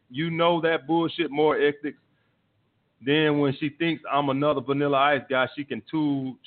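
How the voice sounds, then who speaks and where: Man, high voice, blunt and swearing, dating advice host, phone-like sound. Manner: blunt, profane, repetitive. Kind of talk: live call-in show, answering listener messages. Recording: tinny phone-like line.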